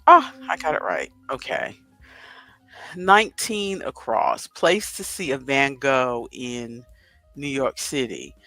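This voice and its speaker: A man's voice: mid-range voice, very animated, slow, vocal fry, pushed and bright, no echo, faint music behind. A man in his fifties hosting a casual livestream, chatting to viewers and thinking aloud as he works through a crossword. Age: 50s. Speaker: livestream host. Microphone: headset with headphones.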